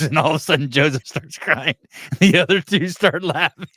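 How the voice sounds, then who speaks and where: A man's voice: mid-range voice, animated, fast, fairly bright tone, dry recording. Brief: male podcast host, crude jokey banter, dry close mic. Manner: crude, joking, laughs often. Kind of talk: casual podcast chat.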